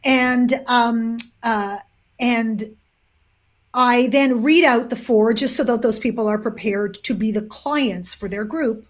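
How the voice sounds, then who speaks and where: Animated woman author telling a story. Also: fairly high pitch, takes it slowly. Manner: animated, with many restarts and fillers. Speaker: author, interview guest. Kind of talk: storytelling in an interview.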